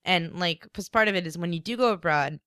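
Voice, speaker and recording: Woman podcast co-host, low-ish smooth voice, dry close sound, casual storytelling. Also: brisk, no room sound. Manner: storytelling, animated, many fillers. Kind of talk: casual chat.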